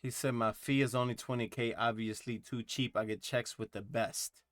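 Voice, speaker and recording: A man's voice: mid-range voice, little pitch movement, moderate pace, fairly bright tone, dry recording, clean studio sound. Rambling man reacting to music. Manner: rambling, thinking aloud with many fillers. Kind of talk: casual reaction commentary.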